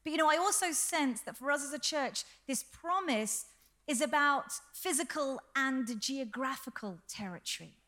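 A woman delivers a sermon as senior pastor with a high voice. She preaches earnestly and with energy, and she slips in light jokes. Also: normal speed. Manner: lively, humorous, earnest preaching.

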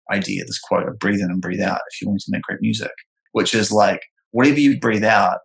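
A young man in casual chat, rambling and animated, with many filler words. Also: fairly low pitch, rough recording. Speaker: photographer and former music producer.

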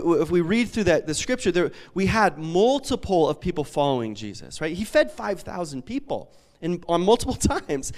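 A man in his thirties preaches a sermon in a high, lively voice that swings up and down. He tells stories in a loose, self-deprecating way and keeps checking in with his listeners. His talk is full of restarts and fillers. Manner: storytelling, animated, self-deprecating, many fillers. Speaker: pastor.

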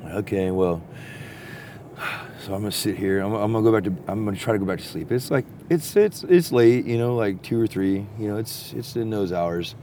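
A man telling a long story in a profane, rambling, casual way that turns animated when he gets excited. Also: fairly low pitch, normal speed, slight background noise. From Texas.

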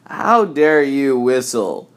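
A man's voice: mid-range voice, big pitch swings, slow, pitched above the performer's own voice. A man doing an outraged stranger. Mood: indignant. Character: indignant grown man scolding a stranger.

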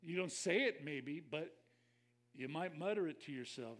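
A man's voice: on the high side, expressive, moderate pace, a bit bright. An older man preaching a conversational sermon as a pastor, reflective and personal, speaking straight to his listeners.

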